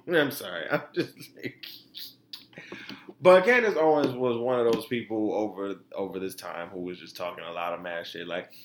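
Animated profane male podcast host. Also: a little high, normal speed, reverberant. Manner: animated, profane, laughs often. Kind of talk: casual commentary.

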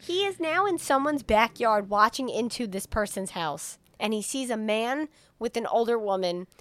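A woman's voice: on the high side, normal speed. Foul-mouthed young woman recapping a movie. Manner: profane, animated retelling with quoted voices. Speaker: podcast co-host.

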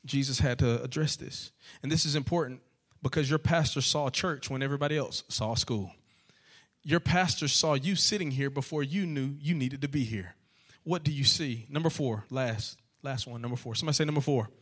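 Man preaching, rising to loud calls. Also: mid-range voice, fairly quick. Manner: preaching with repeated rhetorical questions, building to loud calls. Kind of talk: sermon. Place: church sanctuary.

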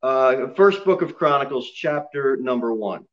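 A man's voice: medium pitch, expressive, a little slow, lo-fi sound. A male pastor preaching a sermon to his church, joking and self-deprecating, often repeating himself. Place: church sanctuary.

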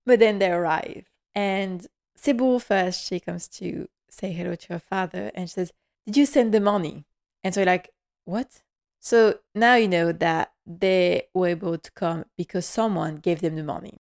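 A woman's voice: on the low side, moderate pace, vocal fry, few pauses. A young woman casually recapping a TV episode, chatty and gushing, acting out bits of dialogue as she goes. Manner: chatty and gushing, acts out quotes, laughs often. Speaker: TV series recap vlogger.

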